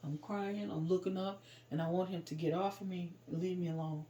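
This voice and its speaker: A woman's voice: lowish voice, steady tone, brisk. Woman, personal storytelling, raw, emotional, informal speech. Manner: raw and emotional, loud when reliving moments.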